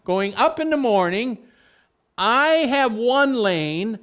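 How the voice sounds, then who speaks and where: A man's voice: very high voice, animated, slow pace, a bit bright. A middle-aged man, preaching a sermon in a conversational way, explaining words with everyday stories. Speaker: pastor.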